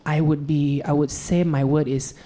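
A man's voice: a little high, normal speed. A young Malaysian man from Sarawak, a singer-songwriter, chatting as a guest and telling stories animatedly. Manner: animated storyteller, acts out quotes. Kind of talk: casual chat.

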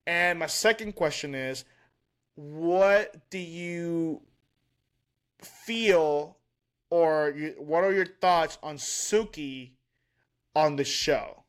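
A man co-hosting a podcast in casual chat, halting and searching for his words as he talks. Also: fairly high pitch. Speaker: podcast co-host.

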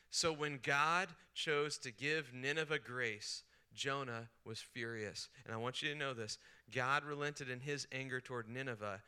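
A male pastor delivers an animated sermon with a very bright, forceful tone and a smooth, crisp voice. He swings from hushed storytelling to heated bursts when he acts out the prophet's complaints. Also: medium pitch. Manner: animated preaching, acting out the angry prophet's voice. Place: retreat session hall.

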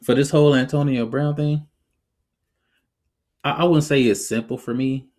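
A man hosting a podcast, giving his opinions in a casual, animated way and often laughing as he talks. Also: mid-range voice, normal speed. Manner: conversational, reflective. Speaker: podcast host.

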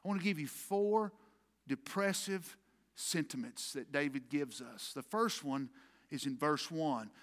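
A male pastor preaching a sermon emphatically, swinging between loud, forceful lines and hushed ones. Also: on the high side, unhurried. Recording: long hall reverb.

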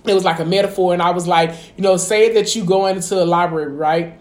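A woman's voice: fairly low pitch, steady tone, fast talker, a little mellow. A woman chatting casually as a podcast co-host, peppering everything with "you know what I'm saying" and swearing freely. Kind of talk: casual chat. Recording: echoey room.

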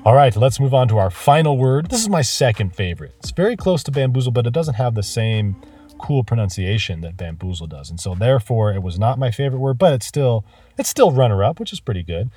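A man teaching a vocabulary lesson, enthusiastic about words and spelling them out slowly. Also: mid-range voice, expressive, dark tone, husky, far from the mic, soft background music.

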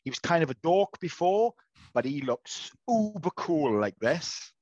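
Teasing man with a lively voice. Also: on the high side, a little slow, dry recording, lo-fi sound. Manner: teasing, playful. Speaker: co-host. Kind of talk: casual chat.

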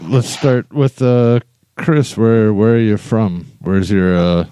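A man hosting a casual chat, asking questions in a halting way with many fillers. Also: on the low side, warm tone, clear, resonant tone, no room sound. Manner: halting, filler-heavy interviewer. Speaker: host. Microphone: remote call.

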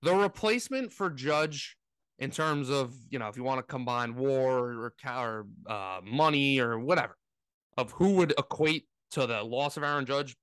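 A man's voice: medium pitch, moderate pace, clear, resonant tone, dry recording. A man co-hosting a podcast, ranting animatedly in casual sports talk. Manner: animated ranting, mocking impressions. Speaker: podcast co-host.

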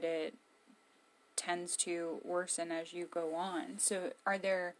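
A woman giving casual, emphatic encouragement to camera from her own room. She is candid and blunt. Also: fairly low pitch. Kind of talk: casual motivational talk to camera.

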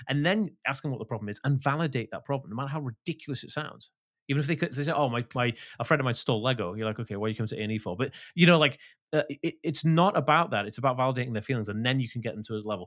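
A man talking as a podcast guest, animated and emphatic, swearing freely. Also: mid-range voice. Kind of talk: casual interview talk.

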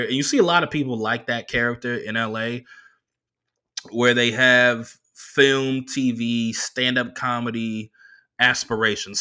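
A man in his thirties hosting a solo podcast who tells stories in a profane, animated way. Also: mid-range voice. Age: 30s. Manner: profane, animated, laughing asides. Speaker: podcast host. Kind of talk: solo comedic storytelling.

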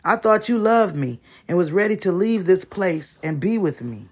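A man's voice: sits high, expressive, moderate pace, slightly rough, pitched above the performer's own voice, full character voice. A man voicing a secret male lover who is impatient and hurt, speaking insistently.

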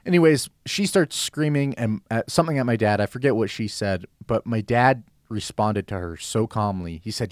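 A young man hosts a radio show with a fairly low voice, working through a Bible teaching in an earnest, conversational way. His voice is recorded close and dry, with no room sound. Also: moderate pace, no echo. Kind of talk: Bible teaching monologue with a personal story.

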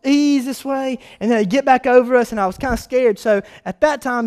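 A pastor preaching a sermon, telling stories with lively animation and building to loud, emphatic points. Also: male voice, very high-pitched, a little fast, smooth.

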